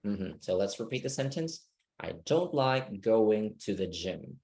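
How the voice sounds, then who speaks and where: A man's voice: fairly low pitch, very animated, a little slow, vocal fry, warm tone. A man teaching an online English speaking class, patient and checking that students understand.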